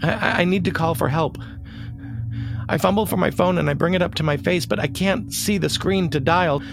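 A man narrating his own story in a halting, emotional way, stammering and repeating words. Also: fairly high pitch, creaky, over music. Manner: emotional and urgent. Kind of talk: scripted memoir narration.

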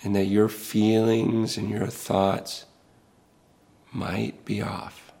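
A man's voice: on the low side, little pitch movement, drawn-out words, vocal fry, warm tone. A middle-aged male pastor speaking in an earnest, preaching style, impassioned and pleading, repeating words as he builds.

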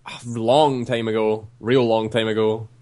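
A man's voice: lowish voice, little pitch movement, a little slow, dark tone. Young man telling a rambling story. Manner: rambling storyteller, swearing, acts out quotes. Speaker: podcast co-host. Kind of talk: casual chat.

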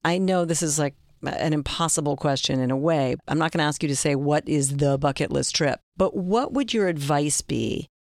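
Woman hosting a podcast, gravelly voice, dry close mic. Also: low voice, moderate pace, hardly any pauses, dry recording. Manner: warm, conversational, retells stories. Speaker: host. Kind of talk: podcast interview.

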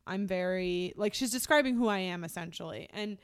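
A young woman co-hosting a podcast tells a personal story in casual chat, rambling, leaning heavily on "like," and restarting her sentences. Her medium-pitched voice is smooth and a little fast.

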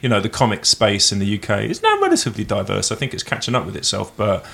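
A man, a former actor, co-hosting a casual podcast chat in a quick, musing way. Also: lowish voice, wildly swooping pitch, gravelly, fairly bright tone, husky. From United Kingdom. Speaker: podcast co-host.

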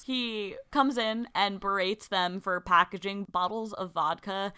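A woman's voice: mid-range voice, steady tone, a little slow, bright, forceful tone, smooth. A woman casually recapping a film's plot for a podcast, with lots of "like" fillers. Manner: laid-back storytelling with frequent "like" fillers and laughs. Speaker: podcast co-host recapping a film. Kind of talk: casual chat.

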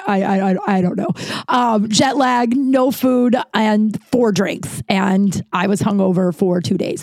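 A woman hosting a podcast in casual solo chat, rambling and swearing freely, her voice slightly hoarse and congested, talking from a corner of her apartment. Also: mid-range voice, mellow, dry recording, studio quality. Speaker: podcast host.

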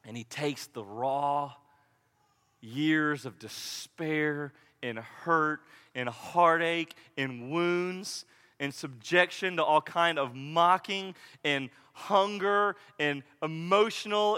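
A man preaching a sermon, dramatic, swinging between loud and hushed as he acts out the people in the story. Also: a little high, slow pace, smooth. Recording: echoey hall reverb.

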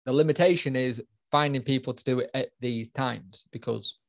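A man co-hosts a relaxed podcast conversation at a middle pitch. He rambles through stories and pokes fun at himself in a loose, chatty way. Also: moderate pace, vocal fry. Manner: rambling, self-mocking storyteller. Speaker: podcast co-host and parent. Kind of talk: casual chat.

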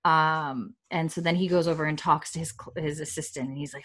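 Woman on a podcast recapping an episode, fairly low voice, acts out the lines as she goes. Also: steady tone, fairly bright tone. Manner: retells scenes with quick quoted impressions and laughs. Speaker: podcast co-host. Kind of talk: casual chat recapping a TV episode.

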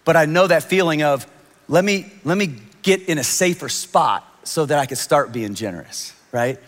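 A man in his thirties preaching a sermon, telling his own story with animated quoted voices. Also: a little high, normal speed. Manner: animated storytelling, quoting others in raised voices. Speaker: pastor. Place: large church hall. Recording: long hall reverb.

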